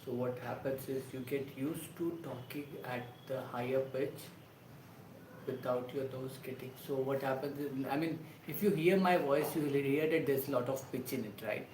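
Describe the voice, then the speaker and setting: A man's voice: mid-range voice, a little mellow, slight background noise. Echoey man explaining voice drills. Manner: loose, halting explanation with many restarts. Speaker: actor teaching voice exercises. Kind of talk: casual livestream tutorial. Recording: roomy echo with faint ambience.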